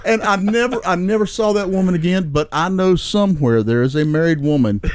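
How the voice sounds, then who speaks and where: A man's voice: sits high, a little fast, crowd noise. A middle-aged man, a regular guest, telling a story in casual chat and acting out what he said with rising emphasis. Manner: animated, acts out his own lines with rising emphasis, repeats "I said". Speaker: recurring podcast guest, storyteller.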